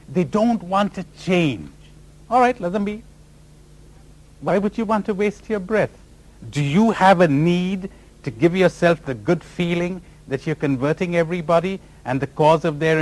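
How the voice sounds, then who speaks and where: A man with a high-pitched, animated voice delivers a spiritual talk at a normal pace to people gathered live. Acting as their spiritual teacher, he teases them through rhetorical questions and occasionally copies other voices.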